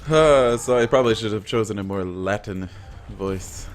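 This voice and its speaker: Playful, crude gaming commentator, low voice. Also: male voice, moderate pace, slight background noise. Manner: playful, crude, self-mocking. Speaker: gaming video host. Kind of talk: casual gameplay commentary.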